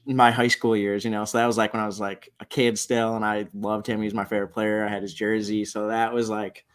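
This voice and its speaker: A twenty-something sports superfan appears as a podcast guest for a casual interview, easygoing and peppered with "like." His voice is low and level, and his pace runs a little fast.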